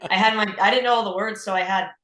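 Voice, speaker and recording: A man's voice: high-pitched, very fast. Teenage boy, roomy call audio. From United States. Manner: relaxed, chatty, with repeated restarts. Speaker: young blues guitarist, guest. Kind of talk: casual interview chat.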